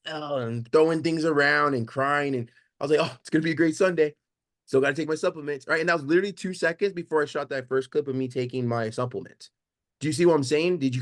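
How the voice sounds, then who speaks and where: A man on a video call from home, talking in an animated, emphatic way, full of rhetorical questions and casual swearing. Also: medium pitch, dry recording, clean studio sound. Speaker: coaching call participant. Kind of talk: animated motivational chat. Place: home living room.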